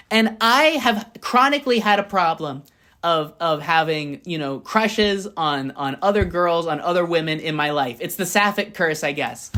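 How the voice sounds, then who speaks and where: Profane, lively young woman vlogger. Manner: blunt and profane, emphatic repetitions; lively, swings between high bursts and low murmurs. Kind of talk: casual motivational monologue.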